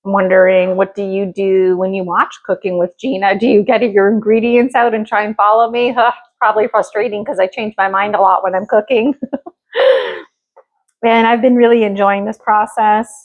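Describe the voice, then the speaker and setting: A woman's voice: medium pitch, level tone, normal speed, muffled recording. Chatty woman hosting a cooking show. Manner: rambling, chatty, many fillers. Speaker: cooking vlog host. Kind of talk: casual cooking chat.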